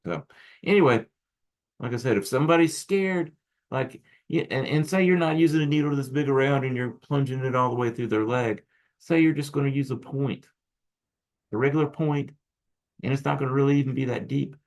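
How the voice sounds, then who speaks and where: Gravelly-voiced man giving a casual lecture. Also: medium pitch, brisk. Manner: casual, rambling with restarts and asides. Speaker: acupuncture instructor. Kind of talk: recorded lecture.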